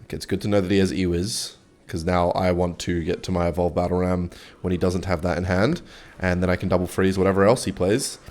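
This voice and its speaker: A man's voice: low-pitched, steady tone, brisk, a little mellow. A young man giving casual, rambling gameplay commentary and swearing freely as he chats. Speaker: gaming video host.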